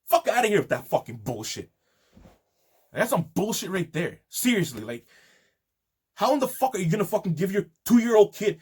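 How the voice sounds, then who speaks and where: A man rants angrily into the camera, swearing constantly as his indignation builds. His voice is husky and slightly rough. He talks in a loose, heated monologue full of restarts. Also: high voice, very animated, normal speed, pauses often. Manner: profane, indignant ranting. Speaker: video host. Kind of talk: angry monologue.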